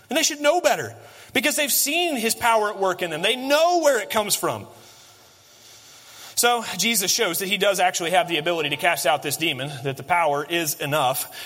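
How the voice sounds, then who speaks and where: Bright-voiced man preaching in a reverberant hall. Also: sits high. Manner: earnest, repetitive emphasis with restarts. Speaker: pastor. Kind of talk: sermon.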